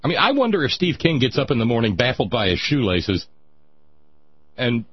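A man hosting a sarcastic political commentary monologue, mocking and dry, with a husky voice. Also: mid-range voice, sing-song, normal speed, lo-fi sound. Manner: sardonic, mocking, dry asides.

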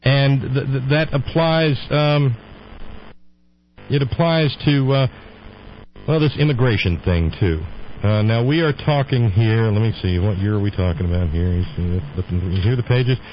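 A man's voice: mid-range voice, a little slow, dull audio, a little hiss or hum. A man hosting a radio show, talking in a rambling, opinionated monologue. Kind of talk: casual on-air monologue.

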